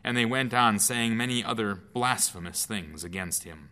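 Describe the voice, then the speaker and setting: A man reading a Bible passage aloud in a measured, clear way, as a lesson. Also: fairly low pitch, bright, forceful tone. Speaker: scripture reader. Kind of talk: scripted scripture reading.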